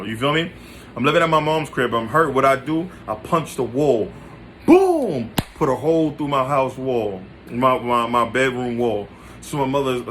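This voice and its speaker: A man's voice: medium pitch, fairly bright tone, slight background noise. A man telling a confessional personal story to his listeners, in casual, slang-heavy talk full of restarts and direct asides. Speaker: podcast storyteller.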